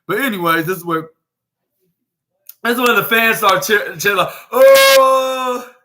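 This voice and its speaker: A young man with a high, bright voice talks through a wrestling recap in loose, rambling podcast chat. He leans on fillers and slips into acting out what others said. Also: moderate pace. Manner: rambling, heavy on fillers, acts out quotes. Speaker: podcast host.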